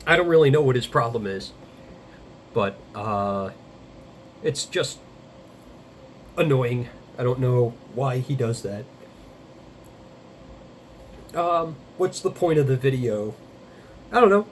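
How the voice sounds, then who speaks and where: A man in his thirties talking casually to the camera, halting and rambling with many fillers and some blunt swearing. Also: mid-range voice, lively intonation, slight background noise. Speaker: vlogger. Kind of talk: casual confessional monologue.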